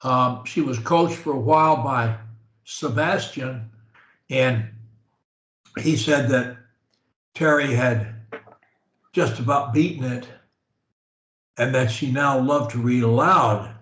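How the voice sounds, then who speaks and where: A man working as a speech coach, talking slowly and stretching his words on a steady tone as he guides a client. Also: mid-range voice, reverberant. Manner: slow, drawn-out speech that holds a steady tone. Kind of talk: coaching conversation.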